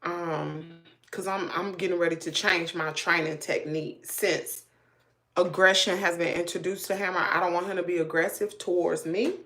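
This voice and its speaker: A woman, telling a story to her viewers in a chatty, animated way with lots of asides. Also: fairly low pitch, normal speed. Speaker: family vlogger.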